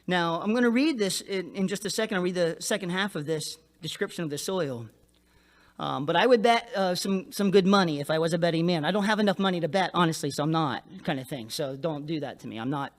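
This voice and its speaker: A man preaching a sermon in a church, animated, acting out the people he describes in a higher voice. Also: brisk. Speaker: pastor.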